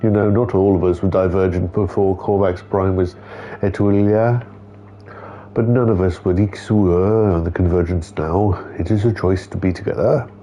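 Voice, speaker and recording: A man's voice: low voice, fairly even intonation, normal speed, warm tone, dull audio. A man streaming a game, chatting casually, talking to the characters and reading their dialogue aloud. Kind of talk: casual gameplay commentary.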